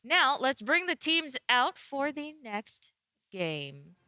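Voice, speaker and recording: A woman hosting an esports analysis desk, upbeat and quick to laugh as she hands questions to her panel. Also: high voice, sing-song, bright, forceful tone, no room sound. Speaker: desk host.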